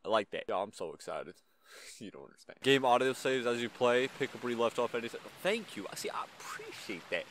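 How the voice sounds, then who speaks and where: A man gives excitable let's-play commentary, his pitch bouncing around lively. He sits at a close desk microphone, chatty and quick to react, and he talks back to the characters in the game. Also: slight background noise. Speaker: gaming channel host.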